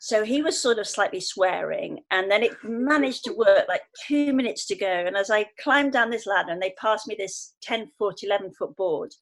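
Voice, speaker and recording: A woman in her fifties from England, a podcast guest telling an animated story and acting out the voices she quotes. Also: mid-range voice, normal speed, few pauses. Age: 50s. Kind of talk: conversational podcast interview.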